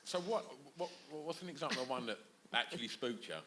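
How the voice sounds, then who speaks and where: Male host, bright voice, swoopy lively pitch, quick jokey cut-ins at a live bar show. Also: a little hiss or hum. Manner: quick reactive interjections, jokey, swears. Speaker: podcast host. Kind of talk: live podcast chat.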